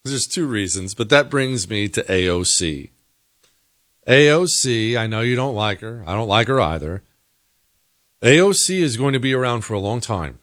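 A man's voice: medium pitch, lively intonation, normal speed, a bit bright, no echo, studio quality. A man hosting a political commentary monologue, talking in an opinionated, emphatic way. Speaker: host.

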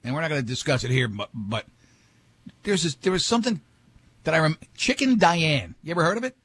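A man's voice: fairly high pitch, animated, fairly quick, fairly bright tone, breathy edge, dry recording. A man hosting a morning radio show, talking in a rambling, jokey way and often restarting his sentences. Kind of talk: casual morning radio banter.

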